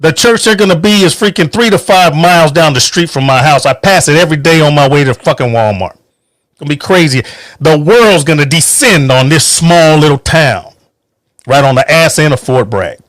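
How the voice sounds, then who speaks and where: An American podcast host delivers an angry, profane, emphatic political rant from home. His voice sits on the high side and is expressive and fairly bright, moving at a moderate pace, with clean studio-quality sound and no room echo.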